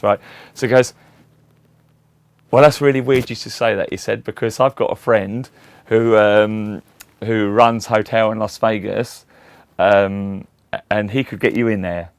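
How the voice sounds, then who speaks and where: A man's voice: on the low side, no echo. A middle-aged man, telling rambling anecdotes in a casual interview and acting out the voices of the people in them. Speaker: interview guest, tribute act to a singer.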